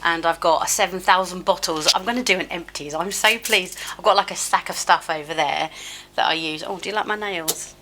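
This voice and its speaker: A woman in her fifties talks through her skincare routine at home in a lowish, bright voice. She is chatty and self-deprecating, often laughing at her own mishaps. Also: fairly quick, slight background noise. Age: 50s. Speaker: beauty vlogger. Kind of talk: casual skincare tutorial chat. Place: home, at a sink. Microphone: camera close up.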